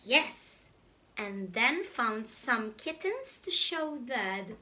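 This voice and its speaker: A woman voicing a small cheerful puppy boy in a read-aloud storybook, with bright, eager questions. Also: a little high, sing-song, drawn-out words, heavily acted.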